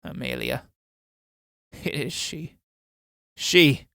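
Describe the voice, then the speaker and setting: A man playing a scheming old man on crutches, speaking in a low, menacing and commanding way. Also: wildly swooping pitch, very slow, vocal fry, sharp tone, no room sound, clean studio sound, exaggerated voice. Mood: hushed.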